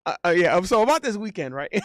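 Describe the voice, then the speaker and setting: A man streaming casual banter in a playful, animated way, breaking into silly sound effects. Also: sits high, dry recording.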